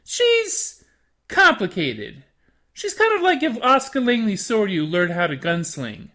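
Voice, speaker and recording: A host narrating a scripted anime review in an expressive, animated way. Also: mid-range voice.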